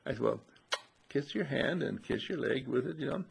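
A man's voice: medium pitch, lively intonation, normal speed. A man hosting a short radio talk, telling a folksy anecdote and quoting the people in it. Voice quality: gravelly and husky. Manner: folksy anecdotal storytelling with quoted dialogue. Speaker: radio host and healing teacher.

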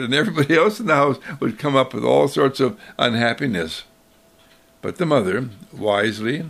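A man's voice: mid-range voice, creaky, fairly bright tone. A man giving a sermon-like talk as a speaker, telling a story and acting out its voices.

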